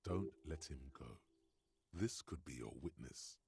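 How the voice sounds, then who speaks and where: Brief: a gruff game narrator, extremely deep, gravelly, dry close mic. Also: male voice, animated, a little slow, darkish tone, dry recording, heavily acted. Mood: terse. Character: gruff male inner voice narrator. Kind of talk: scripted narration.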